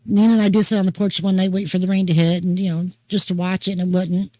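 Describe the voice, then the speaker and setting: An older woman hosting a casual talk show, chatting in a folksy, unhurried storytelling way. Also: on the low side, level tone, mellow, dry recording, low-quality recording. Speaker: host. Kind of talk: casual chat.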